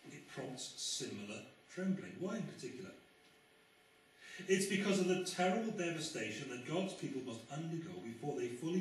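A man's voice: medium pitch, a little hiss or hum. A man preaching a conversational sermon, with wry asides and sudden emphatic rises, in a church. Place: church sanctuary. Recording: very echoey church, mic far off.

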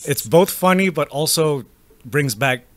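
High, lively man who swears freely. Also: measured pace, slight background noise. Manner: blunt, swears freely, playful. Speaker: podcast co-host. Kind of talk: casual chat.

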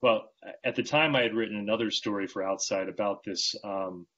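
A male magazine writer talking as a podcast guest in casual interview chat, telling rambling, animated stories with many restarts. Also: lowish voice, fairly quick, dull audio.

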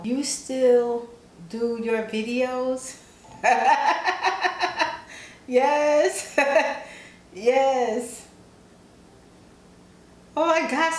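A woman's voice: on the high side, echoey room, a little hiss or hum, rough recording. A woman vlogger who chats casually and giggles often while reading fan messages aloud, sounding sleepy. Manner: chatty, giggly, self-teasing. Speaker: ASMR vlogger.

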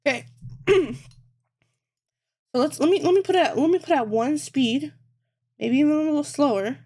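Woman streamer crocheting, curses constantly, laughs at herself, kinda high voice. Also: moderate pace, mellow. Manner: thinks aloud, swears a lot, self-mocking. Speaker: livestreamer. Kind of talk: casual live-stream chat while crocheting.

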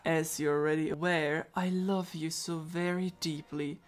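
A brooding, possessive masked man from a game story, voiced by a woman, speaks in a low, hushed and intense manner. The delivery is slow and solemn, with faint game music underneath. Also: steady tone.

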